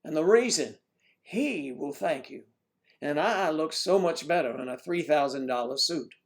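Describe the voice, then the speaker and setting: A man's voice: lively intonation, normal speed. A man impersonating a greedy male TV preacher who keeps pleading for the viewers' money. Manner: pleading, booming sales pitch. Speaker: livestream host doing an impression.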